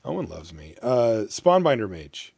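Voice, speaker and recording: A man's voice: medium pitch, big pitch swings, unhurried, vocal fry, darkish tone, breathy edge, no room sound. A man co-hosting a podcast, leading a casual card-game chat and reading out card text. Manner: leads the discussion, reads out card text. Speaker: podcast co-host.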